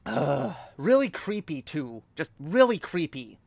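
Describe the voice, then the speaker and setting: A woman's voice: sits low, big pitch swings, unhurried, creaky, darkish tone, dry recording. Woman, livestream host, angry, profane, repetitive rant, dry sound. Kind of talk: ranting livestream chat.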